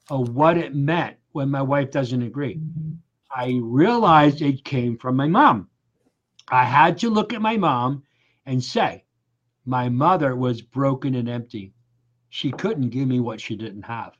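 A man's voice: medium pitch, animated, takes it slowly, dull audio. A man in his sixties, a life coach, telling stories emphatically in a casual conversation. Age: 60s. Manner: emphatic, storytelling, acts out quoted voices.

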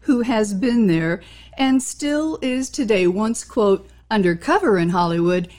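A woman hosts an interview and introduces her guest with ornate, formal praise. She speaks slowly and deliberately. Her pitch sits in an even middle range. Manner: flowery, measured and formal phrasing. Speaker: interview host.

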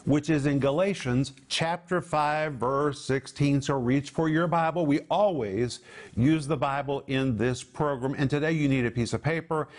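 This is a male Bible teacher hosting a television program. His voice sits slightly high, and he speaks emphatically, stretching out key words for weight. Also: normal speed.

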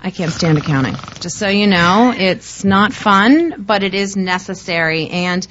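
A woman's voice: on the low side, moderate pace, a bit bright, slight background noise. Bubbly woman co-hosting, lo-fi sound. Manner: bubbly, laughing often. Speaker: co-host. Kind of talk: casual chat.

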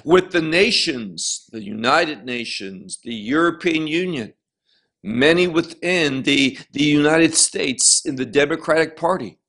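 Slow, deliberate man teaching scripture. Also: a little high, animated, a bit bright. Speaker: Bible teacher. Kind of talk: Bible teaching.

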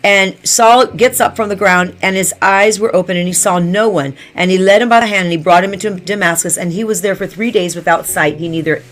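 A woman's voice: mid-range voice, a little fast, few pauses. A woman preaching a sermon, repeating key phrases and checking in with her listeners.

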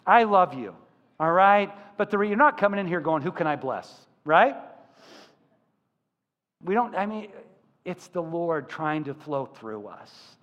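A male pastor preaching a sermon, telling stories with lively acted-out voices. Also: high voice, a little slow, long pauses, lo-fi sound. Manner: animated storytelling, acting out quoted voices. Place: church sanctuary. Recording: church hall with long reverb.

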